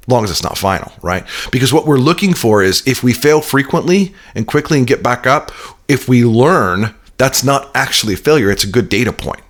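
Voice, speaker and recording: A man's voice: mid-range voice, a bit bright. A man being interviewed, explaining his ideas with energy, often repeating words as he starts a sentence. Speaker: interview guest. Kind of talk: conversational business interview.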